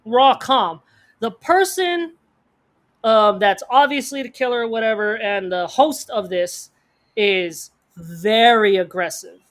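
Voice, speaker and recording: A man co-hosting a podcast, telling a story in casual slang, animated and acting out the people in it. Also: sits high. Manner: fast bursts of speech, slang-heavy. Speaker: podcast co-host.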